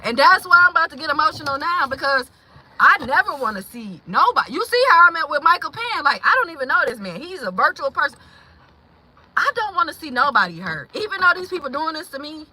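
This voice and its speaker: Woman livestream host, raw and profane venting, greets chat, high piercing voice. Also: big pitch swings, brisk, rough recording. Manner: blunt and profane, swings from heated to hushed; greets chat viewers mid-rant.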